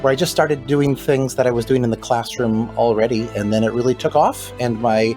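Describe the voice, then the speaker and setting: A man's voice: medium pitch, steady tone, a little fast, a little mellow, soft background music. A man who founded a science teaching company, talking as a guest in rambling, hesitant casual chat. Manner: rambling, hesitant, many fillers and restarts.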